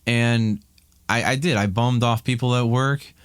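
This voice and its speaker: A man's voice: medium pitch, steady tone, a little slow, clear, resonant tone, dry recording, clean studio sound. A man in his thirties from Ohio, a podcast guest talking candidly and rambling with many restarts in casual chat.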